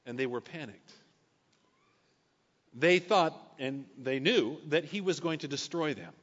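A man's voice: a little high, lively intonation, measured pace, fairly bright tone. A male pastor preaching a sermon, reading scripture and adding casual conversational asides. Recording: echoey hall, dull lo-fi sound.

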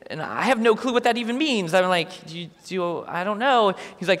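A man's voice: sits high, quick pace, hardly any pauses. Man telling a story in a reverberant hall. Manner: animated, plays out both sides of conversations with dry humor. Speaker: speaker sharing a testimony. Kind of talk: storytelling talk to a church audience.

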